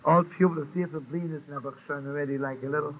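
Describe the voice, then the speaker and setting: Storytelling rabbi on an old tinny tape. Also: male voice, a little high, very fast. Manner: animated storyteller, acts out dialogue, laughs often. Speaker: rabbi telling a Hasidic story. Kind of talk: storytelling talk. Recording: tinny lo-fi archive recording with faint hiss.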